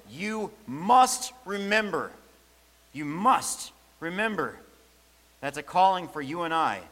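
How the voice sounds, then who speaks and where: A man's voice: mid-range voice, sharp tone. A man preaching a sermon, emphatic and repeating key phrases for stress. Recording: long hall reverb.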